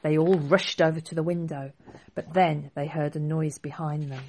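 A woman author reading her own children's book aloud in a clear, expressive storybook style. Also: low voice, moderate pace, a little hiss or hum.

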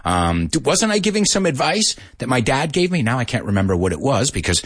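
A man's voice: medium pitch, very animated, brisk, husky. A man teaching an English lesson in an upbeat, joking way, spelling words out letter by letter and slipping in Spanish translations. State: out of breath. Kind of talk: live-stream English lesson.

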